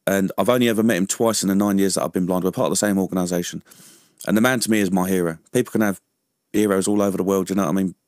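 A man's voice: low-pitched, steady tone, very fast, darkish tone, no echo, clean studio sound. A man, a veteran guest in a radio interview, who talks chattily, laughs often and keeps asking "you know what I mean?". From London. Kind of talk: casual interview chat. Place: radio studio.

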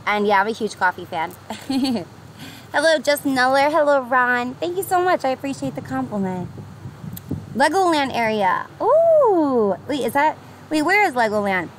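Young New York woman, high-pitched bubbly streamer; outdoor pier, heavy traffic noise. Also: sing-song, normal speed. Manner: bubbly, upbeat, greets chatters by name, laughs often. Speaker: livestreamer. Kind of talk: casual live-stream chat with viewers.

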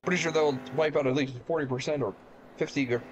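A man's voice: on the high side, steady tone, fast, muffled recording, background noise. Joking male let's play host. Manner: rambling, joking, filler-heavy. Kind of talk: casual gameplay commentary.

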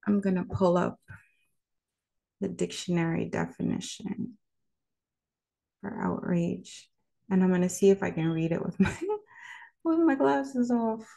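Woman vlogger, low and mellow, measured and reflective, talks straight to camera. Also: flat delivery, gravelly. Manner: measured, speaks directly to the viewer. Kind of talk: reflective word-of-the-day vlog.

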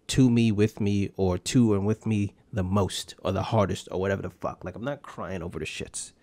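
A young man runs a solo podcast in a mellow, medium-pitched voice with no echo. He rambles bluntly, swearing heavily and using plenty of street slang.

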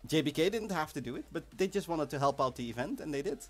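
A man hosting a live game stream in a casual, chatty way. His voice sits a little high and swings widely in pitch as he gets excited. Faint music plays behind him. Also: fast talker. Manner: lively, chatty, excitable with bursts of shouting. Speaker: livestream host of an online game event.

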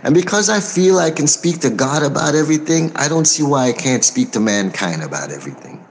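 An American man, a record producer, answering interview questions in a measured way, pausing often with soft fillers and speaking forthrightly. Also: fairly high pitch, animated. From United States. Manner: outspoken and forthright. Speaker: record producer and label owner.

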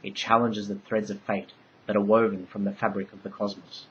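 A man voicing an ancient all-knowing divine queen, part bee, speaking in solemn, measured pronouncements. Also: fairly low pitch, flat delivery, fairly bright tone, slightly rough, lo-fi sound.

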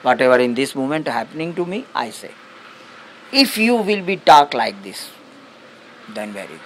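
A male spiritual teacher giving a satsang talk on meditation, speaking unhurried, halting English with many restarts. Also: medium pitch, big pitch swings, fairly bright tone, a little hiss or hum, low-quality recording.

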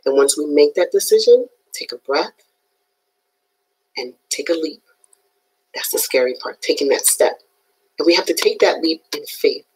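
A woman giving an animated, emphatic motivational talk on a live stream, often checking in with her viewers. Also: sits low, normal speed, long pauses, slightly rough, poor audio. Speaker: motivational speaker.

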